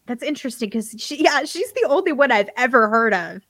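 A woman's voice: fairly high pitch, expressive, brisk, fairly bright tone, dry recording. A woman co-hosting a casual podcast chat, chatty and playful, laughing as she talks. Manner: chatty, laughs while talking, playful asides. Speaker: co-host.

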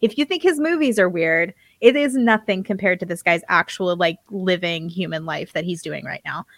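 A woman's voice: lowish voice, normal speed, no room sound. A woman co-hosting a casual podcast chat, chatty and playful, laughing as she talks. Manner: chatty, laughs while talking, playful asides. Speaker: co-host.

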